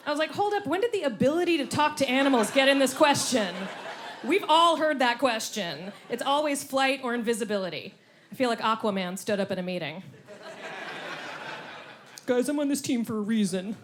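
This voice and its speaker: A woman performing a stand-up comedy set on stage, animated, slipping into silly voices. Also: high voice, a little fast. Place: comedy club stage before a laughing audience.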